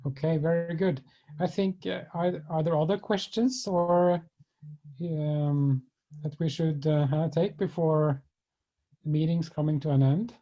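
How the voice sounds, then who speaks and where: A man's voice: a little high, unhurried, mellow. A man moderating an online meeting, brief and polite, with fillers. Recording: muffled video-call audio.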